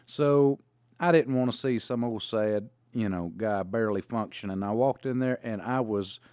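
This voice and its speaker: Man, podcast co-host, drawling storyteller with a smooth, dry, close voice. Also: lowish voice, moderate pace, a little mellow, dry recording. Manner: drawling, rambling with fillers and restarts. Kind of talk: casual storytelling.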